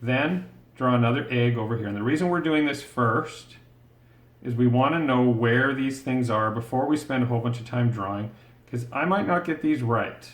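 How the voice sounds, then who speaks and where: A man's voice: mid-range voice, normal speed. Patient man teaching drawing, roomy sound. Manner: patient, encouraging, thinks aloud while drawing. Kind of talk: step-by-step drawing tutorial. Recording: roomy echo.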